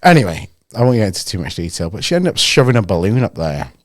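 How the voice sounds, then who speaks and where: Lively low-voiced man. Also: fast talker, no room sound, clean studio sound. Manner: animated anecdote-telling, acts out the people he quotes. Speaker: podcast co-host. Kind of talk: casual storytelling chat.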